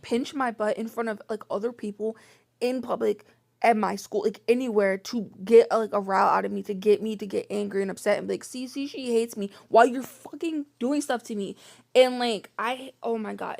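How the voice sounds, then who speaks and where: A woman's voice: mid-range voice, fairly even intonation, normal speed, vocal fry, darkish tone. A young woman telling a personal story in a vlog, venting her frustration and filling her talk with "like". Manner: frustrated, venting, heavy use of "like". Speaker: vlogger.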